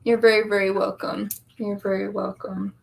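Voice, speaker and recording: A woman's voice: mid-range voice, level tone, normal speed, creaky, slightly rough. A woman doing a tarot reading on a live stream, chatty and teasing, talking casually to viewers. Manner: chatty, teasing, laughs easily. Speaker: tarot reader on a livestream.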